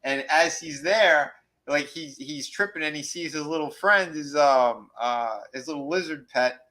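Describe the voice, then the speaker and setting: Male host, bright tone, loose rambling recap with quick voices for quotes. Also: fairly high pitch, poor audio. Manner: rambling, acts out quoted lines. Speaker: podcast host. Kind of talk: casual recap chat.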